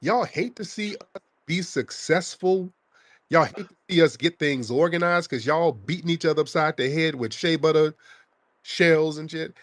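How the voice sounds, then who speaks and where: A man's voice: fairly high pitch, normal speed, no room sound. A man hosting a call-in podcast, arguing with a caller in a combative, mocking way and repeating his questions. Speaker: podcast host taking calls. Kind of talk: heated call-in argument.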